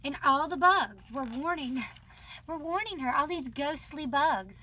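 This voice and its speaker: A woman's voice: high-pitched, animated, unhurried, pushed and bright, slight background noise. A young woman hosting her book channel, chatting casually and bubbly, laughing often. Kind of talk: casual chat about books.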